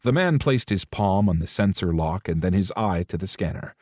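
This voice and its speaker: A man's voice: low-pitched, expressive, normal speed, dry recording, clean studio sound. A man narrating a romance audiobook, switching into different voices for the characters' dialogue.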